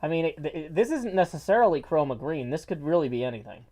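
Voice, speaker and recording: A man's voice: a little high, big pitch swings, quick pace, warm tone. Guy rambling through a game stream, muffled behind a mask, voice bouncing up and down. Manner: rambling, playful, jokey asides. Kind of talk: casual livestream chat while gaming. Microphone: mask worn over the face.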